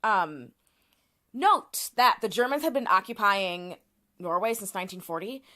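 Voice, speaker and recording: A woman's voice: mid-range voice, lively intonation, measured pace, sharp tone. A woman co-hosting a podcast, explaining a topic in casual chat with frequent restarts and fillers. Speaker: podcast co-host.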